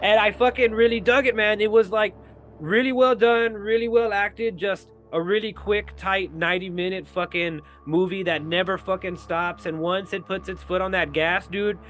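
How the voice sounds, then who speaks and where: A man co-hosting a podcast, retelling horror film scenes in animated, heavily profane casual chat. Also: sits high, normal speed, a little hiss or hum. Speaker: podcast co-host.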